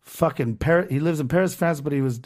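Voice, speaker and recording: A man's voice: on the high side, a little fast, a little mellow. Ranting, profane podcast host, a man. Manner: profane, ranting, reads comments aloud. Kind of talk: casual podcast chat.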